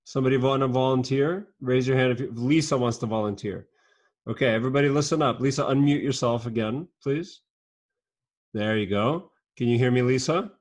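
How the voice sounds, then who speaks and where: Teacher, online kids' class, video call mic, upbeat, patient, rapid questions, mid-pitched. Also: darkish tone.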